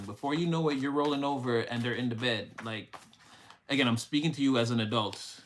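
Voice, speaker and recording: A man's voice: medium pitch, fast, slight background noise. A young man giving a live-streamed tarot reading, rambling and emotional, swearing casually as he talks to his chat. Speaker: tarot reader.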